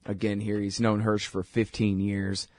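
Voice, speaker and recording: A man hosting his own radio show, talking in a rambling, wry, conversational way full of quick asides. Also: on the low side, completely flat delivery, darkish tone, no echo, clean studio sound. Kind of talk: casual monologue.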